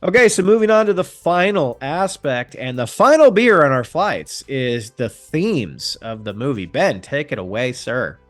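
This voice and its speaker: A man's voice: mid-range voice, very animated, measured pace, few pauses, soft background music. A man co-hosting a podcast in casual chat, rambling with frequent ums. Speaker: podcast co-host.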